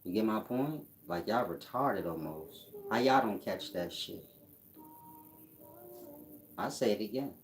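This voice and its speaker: A man's voice: lowish voice, lively intonation, a little slow, pauses often, faint music behind. A man hosting a casual livestream, reading out chat comments and answering them in a blunt, mocking way with frequent laughs. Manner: blunt, mocking, laughs at his own jabs.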